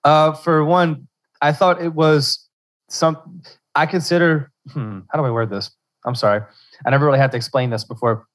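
A young man answering interview questions in casual talk, halting and restarting as he searches for words. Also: a little high, steady tone. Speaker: podcast host as guest.

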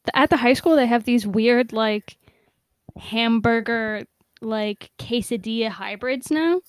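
Higher-voiced woman, halting casual chat. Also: dry recording. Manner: halting, restarts and laughs while chatting. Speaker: podcast co-host.

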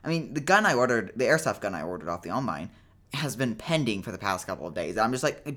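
Young male podcast host, low-pitched, rambling deadpan jokes, casual solo talk. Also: quick pace. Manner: rambling, jokey, self-deprecating; tired.

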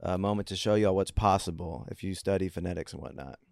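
A man's voice: sits low, fairly even intonation, fast talker, gravelly, darkish tone, no echo, clean studio sound. A man co-hosting a comedy podcast over a video call, joking with mock-grand confidence. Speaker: podcast co-host. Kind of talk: casual comedic chat.

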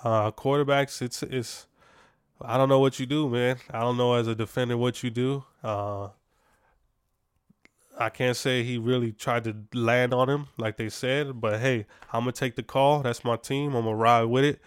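Guy ranting about sports on his podcast, smooth voice, dry close sound, lots of ums. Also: mid-range voice, steady tone, normal speed, no echo. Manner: conversational, opinionated, frequent fillers and restarts. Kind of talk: casual sports opinion monologue.

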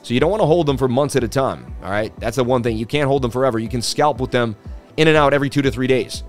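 Man, crypto stream host, casual chatty talk, reads comments aloud, mid-pitched voice, faint music behind. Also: animated, fast talker. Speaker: crypto market livestream host.

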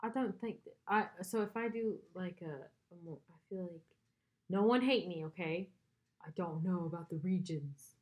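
A woman's voice: fairly low pitch, normal speed. A young American woman co-hosting a casual book podcast, joking and teasing her co-host. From United States. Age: young adult. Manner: teasing, jokey, playful put-on voices.

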